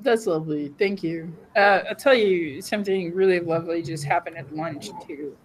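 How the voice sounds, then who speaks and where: A woman's voice: on the low side, moderate pace, rough recording. A woman, a conference keynote speaker, talking casually in a group chat and telling stories in a reflective way. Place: conference hallway.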